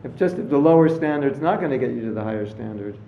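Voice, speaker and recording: Man giving a relaxed talk in an echoey hall. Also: medium pitch, fast talker, vocal fry, slight background noise. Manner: storytelling, acts out voices in his anecdotes. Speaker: spiritual teacher. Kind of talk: casual lecture with jokes. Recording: roomy, slightly dull lecture recording.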